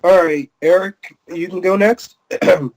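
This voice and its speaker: A man's voice: high-pitched, a little slow, low-quality recording. Polite man moderating a session. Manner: polite, brief, a bit apologetic. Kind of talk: casual moderating.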